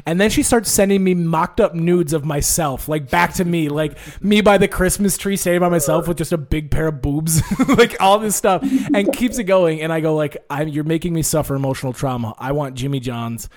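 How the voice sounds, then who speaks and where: A man's voice: sits high, moderate pace, few pauses. A young man hosting a casual chat with friends, telling stories with lots of laughs. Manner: animated storyteller, laughs often.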